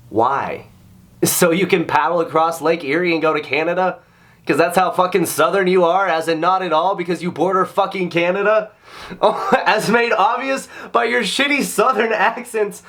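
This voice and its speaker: A man's voice: a little high, normal speed, a bit bright. A man hosting a reaction video, ranting in sarcastic, exasperated commentary full of swearing.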